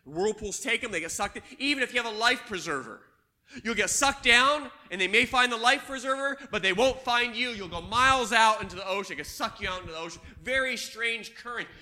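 An older man preaching a sermon, swinging between loud emphatic lines and hushed ones. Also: very high-pitched, lively intonation, brisk. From Washington State. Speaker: pastor.

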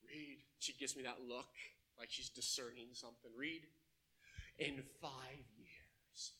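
A man preaching a sermon to his congregation, telling stories in an animated way and asking them questions. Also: medium pitch, normal speed. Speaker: pastor. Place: church.

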